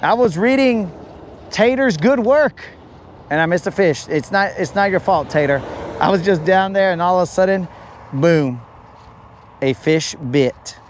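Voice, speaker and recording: A man's voice: high voice, unhurried, a little hiss or hum. A man hosting a fishing livestream outdoors by a shoreline, rambling and joking with his chat in a casual way. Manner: rambling, jokey, talks to chat as bros. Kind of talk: casual live-stream chat while fishing. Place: outdoors by a riprap shoreline near a road.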